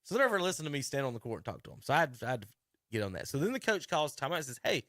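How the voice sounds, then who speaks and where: A middle-aged man, hosting sports talk radio and telling a rambling, animated coaching story with many restarts. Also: mid-range voice, very fast, no echo, clean studio sound. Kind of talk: casual radio chat narrating a video clip. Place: radio studio.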